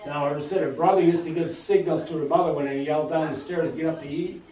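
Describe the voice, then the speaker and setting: A man telling a family ghost story in a halting, repetitive way, in a roomy space away from the mic. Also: fairly high pitch, steady tone, a little mellow, slight background noise. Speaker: family member. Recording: roomy and distant.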